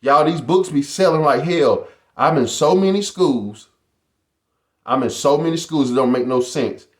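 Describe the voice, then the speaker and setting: A man's voice: on the high side, animated, measured pace, reverberant. A middle-aged man talking casually to his viewers in a boastful, motivational vlog style. He keeps calling them "y'all.". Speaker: YouTuber.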